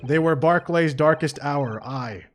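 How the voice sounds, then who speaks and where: A man reading a defensive older male prison governor aloud from a game, in a halting put-on Scottish dialect. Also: fairly high pitch, faint music behind, voice pushed down, lightly acted. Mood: gruff.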